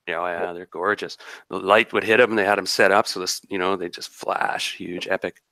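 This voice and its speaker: Resonant, forceful game master, dry sound. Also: male voice, sits low, steady tone, moderate pace, dry recording. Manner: rambling, descriptive, many restarts. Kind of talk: narrating a tabletop game.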